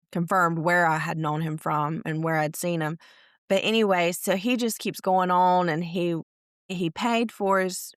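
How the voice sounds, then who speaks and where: A woman tells a personal story on a faith podcast, earnest and animated, acting out what others said. Her voice sits a little low and sounds smooth and resonant. The close mic sounds dry, with no room around it. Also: no echo. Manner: earnest, acts out quotes of others. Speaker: podcast co-host. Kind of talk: storytelling in casual faith chat.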